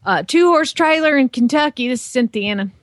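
A woman co-hosts a chatty podcast in a high voice, recorded close with no room sound. She is playful and folksy, leaning into country slang as she reads ads aloud. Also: lively intonation, fairly quick, no echo. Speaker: podcast co-host. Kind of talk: casual chat reading classified ads.

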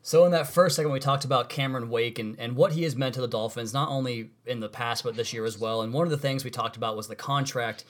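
A man hosting a sports podcast, talking casually and quickly, correcting himself as he goes. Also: medium pitch. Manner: fast, conversational, self-correcting. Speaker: podcast host.

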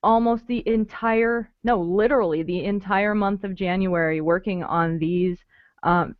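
A woman's voice: medium pitch, measured pace, no room sound, phone-quality sound. A woman photographer, a guest on a podcast, talking in a bubbly way and laughing often. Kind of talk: casual interview chat.

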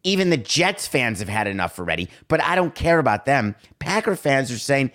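A man's voice: mid-range voice, sing-song, fairly quick, hardly any pauses, a bit bright. A man hosting a sports talk show, delivering a sarcastic, exasperated monologue.

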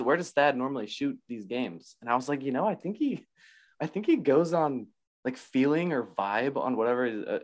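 A man co-hosting a casual sports podcast, excitable and quick to laugh. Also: mid-range voice. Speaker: podcast co-host.

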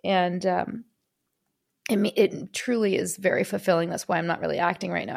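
A woman's voice: fairly low pitch, fairly even intonation, normal speed, creaky. A woman speaking as a guest in an interview, candid and emotional, often restarting her sentences. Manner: frequent restarts and fillers. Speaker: podcast guest. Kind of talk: casual interview talk.

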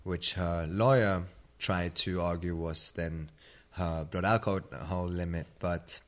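A man from Sweden with a British-tinged accent, a tired interview guest speaking in a measured, matter-of-fact way. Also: deep voice, steady tone. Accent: British-tinged Swedish. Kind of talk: interview conversation.

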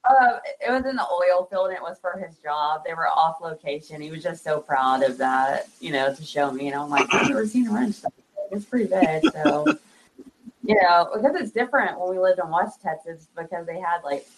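A woman's voice: lowish voice, moderate pace, crowd noise, rough recording. A woman in her thirties being interviewed, talking casually with lots of fillers and frequent laughs. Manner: laughs often, chatty with many fillers. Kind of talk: casual conversation.

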